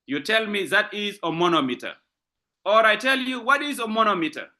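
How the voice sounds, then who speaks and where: This online literature lecture is given by a man with a French-speaking West African accent and a lively, high-pitched, bright, forceful delivery. He keeps repeating examples and drawing out stressed words slowly.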